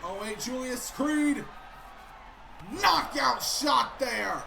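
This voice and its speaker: A man doing excitable play-by-play commentary of a wrestling video game, keeps breaking off with sudden interruptions. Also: very high-pitched, drawn-out words, vocal fry, raised voice, background noise.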